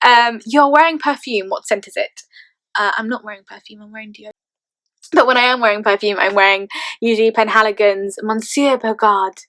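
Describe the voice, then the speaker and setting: A woman's voice: on the high side, normal speed, pauses often, fairly bright tone, dry recording. A woman in her twenties with an English accent, chatting casually and playfully as she answers tag questions for her vlog, often laughing. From England. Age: 20s. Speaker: vlogger.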